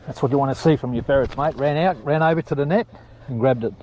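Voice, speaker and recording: A man's voice: mid-range voice, fast, lo-fi sound, a little hiss or hum. A man chatting casually outdoors as he works ferrets and dogs on a hillside, calling out to the animals. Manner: chatty, talks to his dogs and ferrets, shouts calls. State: sweaty from climbing hills. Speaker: ferreter filming his hunt.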